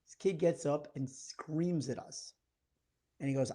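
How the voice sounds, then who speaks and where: A man in his thirties co-hosting a podcast in casual chat, telling a story in a lively way and acting out the lines of the people in it. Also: fairly high pitch, measured pace. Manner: animated storyteller acting out quoted exchanges. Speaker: podcast co-host.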